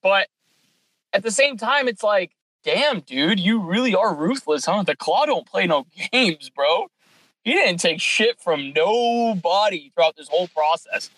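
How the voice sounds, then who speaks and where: A man with a fairly high voice chats on a sports podcast, retelling what happened with lively energy. He acts out every exchange as he goes. The sound is dry and close, with no room around it. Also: measured pace, no echo, low-quality recording. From California. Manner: animated storyteller, acts out dialogue. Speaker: podcast co-host. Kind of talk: casual sports podcast chat.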